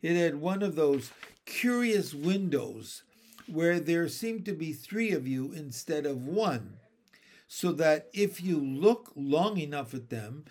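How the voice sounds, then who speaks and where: A man narrating a classic children's book in an unhurried, gentle reading voice. His pitch sits a touch high and he lets each phrase settle before moving on. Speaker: audiobook narrator. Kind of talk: storybook reading.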